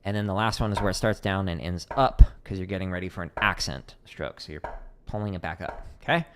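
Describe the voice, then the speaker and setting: A man's voice: low-pitched, brisk, slight background noise. Chatty man explaining drum strokes. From Arizona, USA. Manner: relaxed, chatty, many fillers, counts strokes aloud. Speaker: drum teacher streaming Q&A. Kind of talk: casual livestream teaching.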